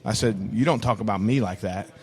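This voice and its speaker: A man's voice: on the low side, a little fast, darkish tone. A middle-aged pastor with a Texan accent, telling his story frankly in casual table talk. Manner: frank, earthy storytelling with acted-out quotes.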